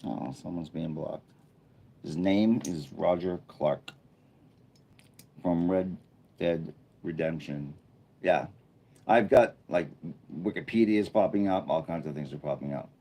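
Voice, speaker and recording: A man with a low voice and a dark, mellow tone hosts a casual live stream. He chats loosely and thinks out loud as he reads and answers his viewers' comments. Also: a little slow, creaky, pauses often. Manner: chatty, thinking aloud while reading viewer chat. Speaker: livestreamer. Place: indoor room under a bright studio light.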